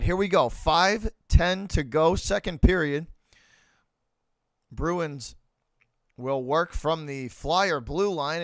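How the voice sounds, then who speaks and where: A man's voice: fairly high pitch, clear, resonant tone, no echo. A man with a Boston accent giving live hockey play-by-play as a fan streamer, talking to his chat and rooting for his team. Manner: chatty, rooting for Boston, talks to chat viewers.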